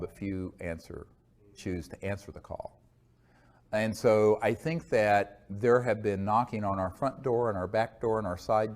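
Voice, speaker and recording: A man giving an earnest talk and answering audience questions, unhurried, with many fillers and restarts. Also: fairly low pitch, a little mellow. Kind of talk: lecture and Q&A talk.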